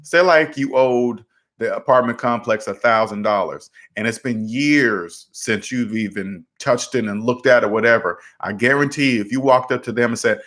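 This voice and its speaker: A man's voice: mid-range voice, normal speed, a bit bright. A man hosting a livestream, answering viewer questions about debt in a direct, emphatic way and often repeating words. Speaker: debt advice host.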